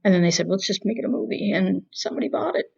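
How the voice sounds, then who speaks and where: A woman's voice: mid-range voice, rapid-fire, gravelly, husky, dull audio. A woman with a Boston accent, co-hosting a casual movie review chat and telling rambling, wry stories. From Massachusetts. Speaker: podcast co-host.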